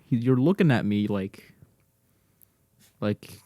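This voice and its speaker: Slow, low-voiced rambling podcast host man. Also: darkish tone, no echo, clean studio sound. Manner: rambling, meandering, self-deprecating. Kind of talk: casual solo podcast monologue. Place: home garage. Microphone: desk mic to computer.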